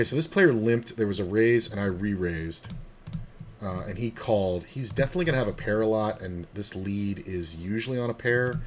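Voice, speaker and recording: Male poker streamer, low voice, rambling and profane, faint hiss and typing behind him. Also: darkish tone. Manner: swears freely, rambling, mutters to himself. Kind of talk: casual live-stream commentary and storytelling.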